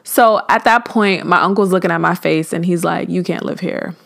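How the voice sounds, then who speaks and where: A young woman vlogger telling a dramatic story in a casual, animated way, acting out the voices of the people in it. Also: fairly low pitch, moderate pace, vocal fry.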